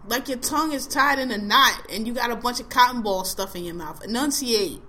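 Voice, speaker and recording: A woman's voice: on the high side, a little fast, pushed and bright. A woman hosting a podcast, chatting casually about a TV show in blunt, profane slang and laughing often. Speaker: podcast host. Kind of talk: casual chat reviewing a TV show.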